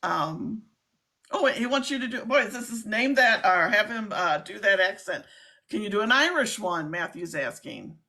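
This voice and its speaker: A woman's voice: medium pitch, lively intonation, moderate pace, bright, forceful tone. A woman hosting a casual livestream chat, talking in a chatty way and laughing easily. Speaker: livestream host.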